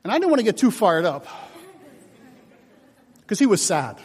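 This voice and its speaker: A man preaching a sermon, telling personal stories with acted-out dialogue, moving from loud shouts to hushed whispers. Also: high-pitched, normal speed, husky, some chatter behind. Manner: animated storytelling, shifts from shouts to hushed whispers. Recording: long hall reverb.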